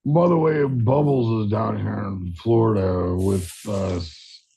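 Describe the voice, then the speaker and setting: Caller, man, very slow and gravelly, lo-fi muffled message recording. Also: lowish voice, warm tone, slight background noise.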